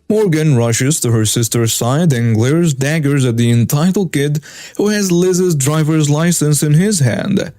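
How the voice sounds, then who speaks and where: A man narrating a first-person story in a brisk, scripted way. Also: medium pitch, mellow, dry recording. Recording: dry with faint music.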